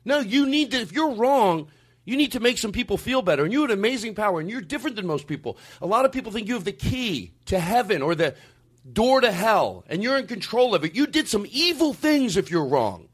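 High, animated ranting male comedian. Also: fairly quick, slightly rough. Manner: emphatic, profane, swings from calm to shouting. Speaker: comedian podcast host. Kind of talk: comedic rant.

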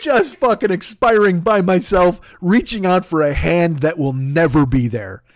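A man's voice: high-pitched, a little slow, no room sound. Rambling, self-deprecating comic man. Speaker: podcast co-host. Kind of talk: comedic podcast banter. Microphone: studio microphone.

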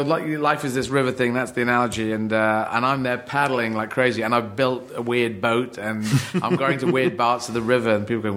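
A middle-aged man born in Yemen, a comedian chatting on a podcast, rambling and playful, slipping into quick mock voices. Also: mid-range voice. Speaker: comedian guest. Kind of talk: casual podcast chat.

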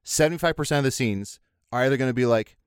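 A man's voice: medium pitch, quick pace, clean tone, dry recording, clean studio sound. An American man in casual podcast chat, jokey and rambling, poking fun at himself. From United States. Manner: jokey, rambling, self-deprecating.

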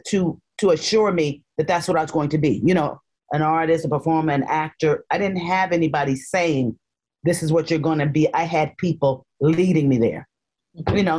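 A woman with a lower-pitched voice, an actress from the South raised in Harlem. She tells her stories with playful animation. She often slips into voices for the people in them. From North Carolina, raised in Harlem, New York. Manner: animated, playful storyteller who puts on voices. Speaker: actress guest. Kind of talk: casual interview storytelling.

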